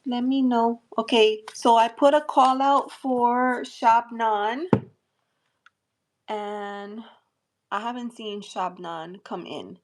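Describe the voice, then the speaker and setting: A woman from New Jersey with a light accent, talking gently and reassuringly with many fillers while hosting a live tarot stream. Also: on the high side, slow. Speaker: tarot reader hosting a livestream. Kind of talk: live-stream chat and readings.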